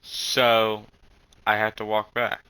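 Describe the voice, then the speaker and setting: A young man telling a rambling story in casual chat, halting with many fillers and frequent swearing. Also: fairly low pitch, monotone, sharp tone, smooth, poor audio.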